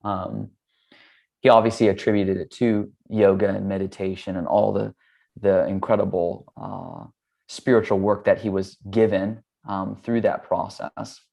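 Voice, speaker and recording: A man in his thirties from the United States speaks in a low voice with a gravelly edge. He tells a personal story in a relaxed, candid way, with easy fillers and the odd curse. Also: unhurried. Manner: relaxed and candid, loose fillers, casual swearing. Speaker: yoga teacher and guest. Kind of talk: casual storytelling.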